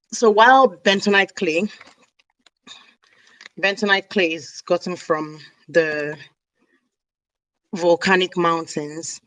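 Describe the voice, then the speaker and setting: A woman's voice: fairly low pitch, a bit bright, dry recording, poor audio. A woman chatting casually on a live stream, rambling and snacking as she talks. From Nigeria (South South). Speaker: hair care vlogger. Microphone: camera mic on a live stream.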